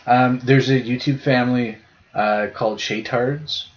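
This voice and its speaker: A young man co-hosts a podcast in casual chat, his mid-range voice fairly even in intonation and measured in pace. He tells rambling stories full of swearing, and the recording has a dull lo-fi podcast sound.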